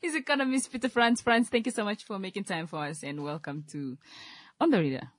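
A woman anchoring a studio news show, her voice a touch low and husky in a dry, close sound. She reads her items and questions her guest in a loose way, stopping to correct herself as she goes. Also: lively intonation, a little fast, dry recording. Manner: loose, self-correcting delivery. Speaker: news presenter. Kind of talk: studio news presenting and interview.

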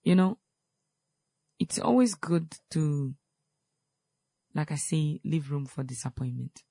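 Male talk host, gravelly, earnest and repetitive advice delivery, dry close sound. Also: fairly high pitch, slow, dark tone, no echo. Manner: earnest and repetitive, stressing key points; quotes scripture, then explains it plainly.

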